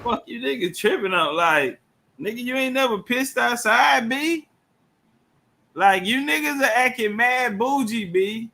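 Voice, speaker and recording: A man's voice: very high-pitched, animated, unhurried, pushed and bright. A man doing loose, profane live commentary, heckling and laughing in heavy slang. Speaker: livestream commentator. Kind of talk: crude casual live commentary.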